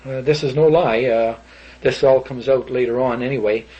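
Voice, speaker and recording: An older man with a husky voice at a middling pitch, rambling through a long memory in an animated way. The tape sounds dull and lo-fi, like an old interview recording. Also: normal speed. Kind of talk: recounting an old story.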